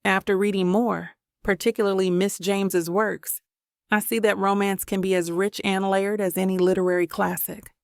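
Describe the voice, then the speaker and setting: A woman voicing a polite, guarded male professor who speaks in a measured, careful way. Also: medium pitch, flat delivery, gravelly, smooth, no echo, clean studio sound, close to an everyday voice. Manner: measured and careful, slightly nervous.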